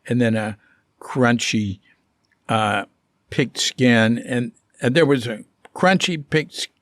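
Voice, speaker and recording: A man vlogging about his life abroad, telling a casual story in a rambling, halting way full of fillers and restarts. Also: mid-range voice, dry recording, studio quality.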